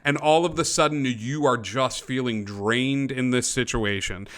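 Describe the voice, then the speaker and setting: Game master, male, bright tone, rambling descriptive narration with frequent fillers. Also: mid-range voice, measured pace. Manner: descriptive, with many fillers and restarts. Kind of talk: narrating a tabletop game over a call.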